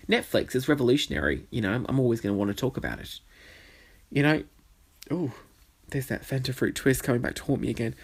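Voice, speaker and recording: In a casual solo podcast recorded in a bedroom, a male host and drag performer rambles, swears, and wanders off on tangents. His voice is medium-pitched.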